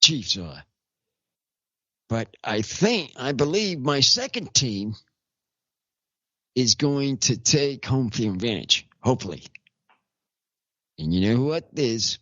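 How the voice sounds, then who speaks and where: A male talk show host with a lively, swooping pitch that rises and falls. He rambles, circles back and restarts his sentences. The sound is dry and slightly dull, like a low-fi stream. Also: no echo. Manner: rambling, repeats himself, halting restarts. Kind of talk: casual chat. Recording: dull lo-fi audio.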